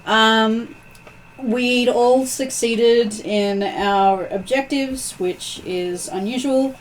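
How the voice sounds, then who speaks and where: A woman player recapping the last tabletop session, with frequent ums and pauses. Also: on the high side, a little hiss or hum, poor audio.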